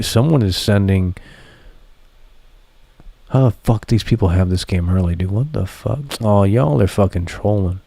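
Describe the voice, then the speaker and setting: A man's voice: fairly low pitch, unhurried, gravelly, long pauses, mellow, no echo. A man streaming live, chatting casually to his viewers, rambling and swearing freely. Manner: profane, rambling, talks to chat. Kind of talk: casual livestream chat.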